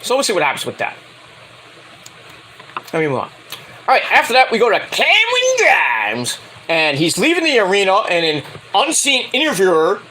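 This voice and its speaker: Excitable high-voiced man reviewing wrestling. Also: moderate pace, long pauses, low-quality recording. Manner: rambling, excitable, swears freely. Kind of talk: casual spoken review.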